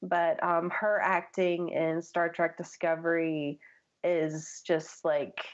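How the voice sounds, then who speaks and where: A woman's voice: on the low side, takes it slowly, lo-fi sound. Chatty, enthusiastic woman podcast host. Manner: enthusiastic, animated, lots of "like" fillers. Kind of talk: casual chat.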